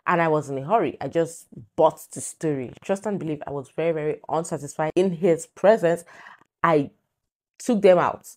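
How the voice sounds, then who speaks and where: A woman's voice: low voice, moderate pace, a little mellow. A woman hosting a clip commentary show, giving her opinion in an emphatic, ranting way. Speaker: host. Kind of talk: commentary on clips.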